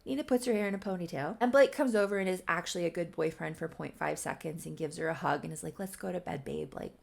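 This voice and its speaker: Young woman recapping a life-sim story, chatty and quick, gravelly vocal fry. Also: lowish voice, darkish tone. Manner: chatty, quick, offhand asides. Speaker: YouTuber. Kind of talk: casual recap of a Sims story.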